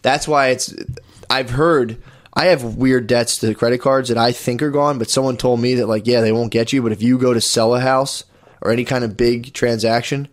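A young man in casual chat, telling rambling, profane stories with quick wit. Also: mid-range voice, steady tone. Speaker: storyteller.

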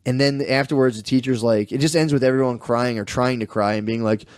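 A young man, a student, chatting casually and retelling a class story with lively, mocking quoted voices. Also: mid-range voice, brisk, no echo, studio quality. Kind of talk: casual chat.

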